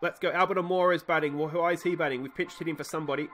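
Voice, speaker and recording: Excitable Australian man calling a game. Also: on the high side, rapid-fire, few pauses. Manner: excitable, swings from muttered asides to shouted cheering. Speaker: let's play host. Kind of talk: play-by-play commentary on a baseball sim game.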